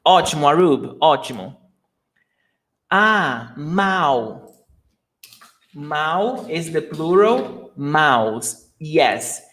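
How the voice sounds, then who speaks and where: Slow, patient Portuguese-speaking male teacher. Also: fairly high pitch, very animated, fairly bright tone. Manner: patient, repeats words slowly for learners. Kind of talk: live online language lesson.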